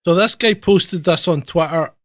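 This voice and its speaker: A man's voice: high-pitched, moderate pace, a bit bright, no room sound, clean studio sound. A man co-hosting a casual news roundup, mocking the stories with disbelief. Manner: incredulous, mocking. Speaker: co-host. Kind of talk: casual news commentary chat.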